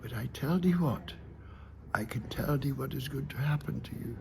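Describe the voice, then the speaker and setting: A man doing a hushed, solemn little Shetland trowie. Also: mid-range voice, normal speed, gravelly, slight background noise, voice pushed down, close to an everyday voice. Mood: grave. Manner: hushed, grave, old-fashioned thee and thou. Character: small solemn male trowie, a Shetland fairy. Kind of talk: oral folk storytelling.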